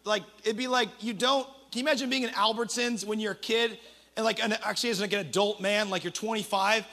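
With a very high, gravelly voice and a bright, forceful but steady tone, this pastor gives a lively, funny sermon. He talks conversationally, dropping in quick asides.

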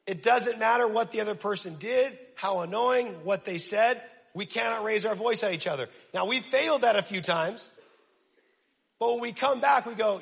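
A male pastor preaches in a loose, energetic, joking way. His voice sits high and has a gravelly edge. A long hall reverb trails his words. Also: normal speed. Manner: energetic, casual and self-deprecating. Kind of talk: sermon.

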